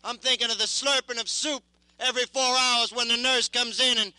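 A young man in his twenties, a war veteran, giving impassioned spoken testimony in an intense, halting, repetitive way. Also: very high-pitched, steady tone, pushed and bright, clean tone, no echo, poor audio.

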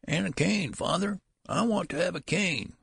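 A man voicing a shrill, demanding old man in a storybook reading, complaining in a querulous, cackling way. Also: moderate pace, vocal fry, a bit bright, breathy edge, dry recording, studio quality, exaggerated voice. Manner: peevish, cackling. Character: cranky newborn-sized old man, demanding.

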